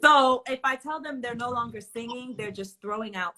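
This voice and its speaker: A woman voice teacher in a casual panel talk, animated and demonstrating voices as she explains. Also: on the high side, normal speed, slight background noise.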